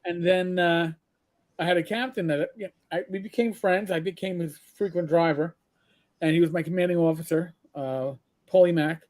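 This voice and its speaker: A man's voice: on the high side, steady tone, moderate pace, a little mellow. A middle-aged man co-hosting a podcast, telling rambling anecdotes in casual chat with blunt profanity. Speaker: podcast co-host.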